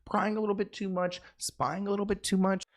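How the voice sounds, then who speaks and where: A man narrating a video in a casual, chatty way, talking quickly with offhand asides. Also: sits high, level tone.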